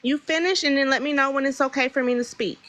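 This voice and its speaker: A flustered woman on her first livestream keeps apologizing. Her voice is high and bright, and it sounds dry and close to the mic. She speaks with nervous, hurried politeness. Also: fairly even intonation, no echo. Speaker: livestream guest. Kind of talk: livestream argument.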